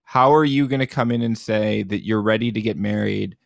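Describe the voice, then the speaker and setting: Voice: medium pitch, fairly quick, creaky, dry recording, clean studio sound. A podcast guest in casual chat, arguing points in a wry way. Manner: argumentative, wry.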